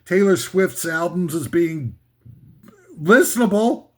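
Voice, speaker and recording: Male comic ranter, sarcastic and rambling, voice sitting a little high. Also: expressive, normal speed. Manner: scornful, rambling, sarcastic, with mock singing bits. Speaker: comedic ranter. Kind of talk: comedic rant.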